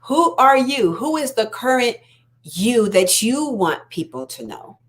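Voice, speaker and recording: A woman's voice: on the high side, big pitch swings, a little slow, a bit bright. Earnest woman life coach giving a pep talk. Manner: earnest, encouraging, repeats phrases for emphasis. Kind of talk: motivational self-help talk.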